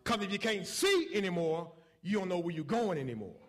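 Brief: male preacher, high voice with a wide swing, folksy call-and-response delivery. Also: sing-song, a little fast. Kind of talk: sermon.

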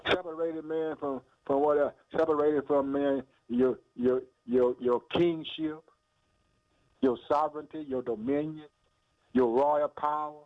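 A man's voice: fairly high pitch, fairly even intonation, slow pace, pauses often, no room sound. A man preaching a radio sermon, firing rhetorical questions and calling listeners "boy" and "man," with laughs and hallelujahs between lines. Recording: tinny phone-like radio sound.

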